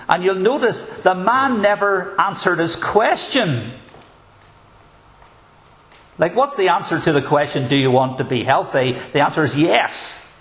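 A man preaching a sermon in an earnest, measured way, asking probing rhetorical questions. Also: fairly high pitch.

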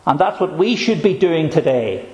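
A man preaching a sermon, earnest and emphatic, slowing down to stress key phrases. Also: fairly high pitch, sing-song, darkish tone, roomy sound, dull audio.

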